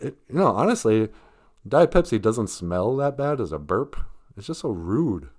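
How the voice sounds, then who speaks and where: A man's voice: medium pitch, very animated, normal speed, darkish tone. An older man hosting a casual live stream about Ojibwe, rambling and joking, often breaking into laughs. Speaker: host teaching Ojibwe.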